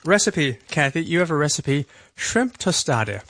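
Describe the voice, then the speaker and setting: A man's voice: a little high, big pitch swings, normal speed, a bit bright. A man co-hosting a public radio show, joking and easygoing. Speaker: radio co-host.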